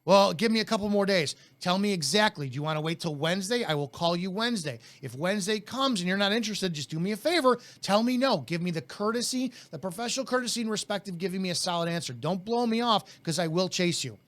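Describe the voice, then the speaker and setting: A man's voice: high voice, animated, fast talker, hardly any pauses, fairly bright tone. A man coaching network marketing in a blunt, intense, in-your-face way, in casual talk.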